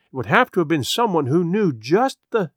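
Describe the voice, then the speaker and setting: A man voicing a brisk male county attorney in a story reading, dismissive and businesslike. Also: on the high side, very animated, dry recording, clean studio sound.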